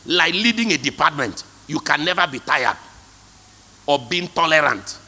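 A man's voice: a little high, animated, moderate pace, sharp tone, slightly rough. A male pastor preaching a sermon, emphatic, calling out to the congregation for responses. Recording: long hall reverb.

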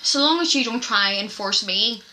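A woman's voice: a little high, normal speed, low-quality recording. A woman, co-hosting a podcast in casual chat and telling stories with lots of fillers. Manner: chatty, animated storytelling with many fillers. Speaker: podcast co-host.

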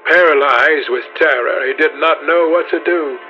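A man narrating a classic novel in a measured, dramatic reading style. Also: fairly high pitch. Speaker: audiobook narrator. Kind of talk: scripted narration. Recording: dull lo-fi audio with faint music.

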